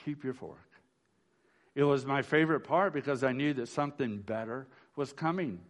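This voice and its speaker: A man with a mid-range voice, talking a little fast, delivers a funeral sermon as a pastor. His folksy storytelling style has him often restarting phrases and asking "right?"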